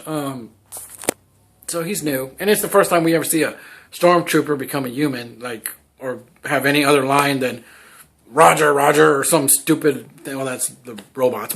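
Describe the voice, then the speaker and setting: A man's voice: a little high, fairly bright tone. A man casually reviewing a movie in a vlog, rambling with constant "like" and "um" fillers.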